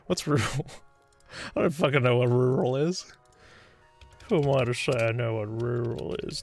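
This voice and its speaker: Casually chatting on a live stream while he codes, an Australian streamer and game developer rambles and thinks aloud, often restarting. His voice is gravelly and medium in pitch.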